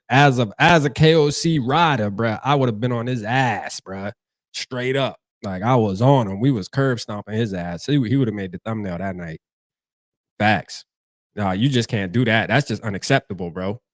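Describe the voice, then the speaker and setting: A man's voice: mid-range voice, moderate pace, no echo, clean studio sound. A young man with a Charleston accent, hosting a casual fan livestream in a loose, slangy way and reading chat comments aloud. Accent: Charleston, South Carolina. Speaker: livestream host.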